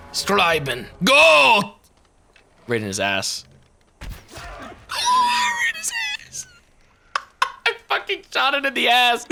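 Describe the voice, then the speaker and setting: A man's voice: on the high side, gravelly. A young man giving casual, profane let's-play commentary, talking to himself as he plays. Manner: animated and profane, talking to himself over gameplay. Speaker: gaming video creator.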